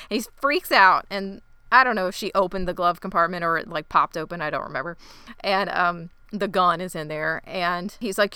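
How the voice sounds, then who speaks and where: A woman co-hosting a podcast, chatting casually through a TV episode recap with quick reactions. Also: mid-range voice, sharp tone, clear, resonant tone, no echo, clean studio sound. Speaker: podcast co-host.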